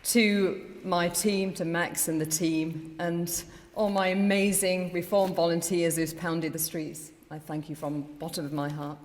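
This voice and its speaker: A middle-aged woman gives a rallying victory speech in a low-pitched voice. She makes emphatic declarations into a lectern microphone. Her words ring out with a long reverb through a large count hall. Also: little pitch movement, measured pace, hardly any pauses, a little hiss or hum. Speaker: newly elected mayor. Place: election count hall, indoors.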